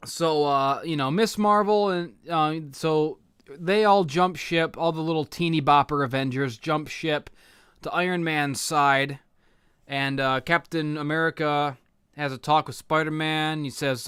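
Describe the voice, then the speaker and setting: Profane ranting young man, bright and crisp. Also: on the high side, unhurried, dry recording, studio quality. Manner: profane, sarcastic, erupts into shouting rants. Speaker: comic recap youtuber. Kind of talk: ranting comic book recap.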